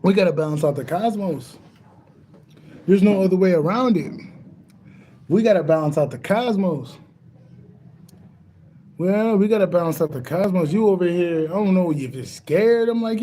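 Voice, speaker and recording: High-voiced man in a rambling, profane monologue. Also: animated, normal speed, pauses often, warm tone, slight background noise. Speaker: spiritual vlogger. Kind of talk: casual monologue.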